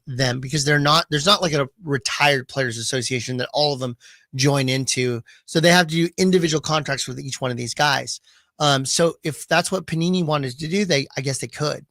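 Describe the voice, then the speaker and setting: A man hosting a sports card radio show, chatting casually and lively, often slipping into quick comic voices. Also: medium pitch, no echo. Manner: animated, slips into quick comic put-on voices.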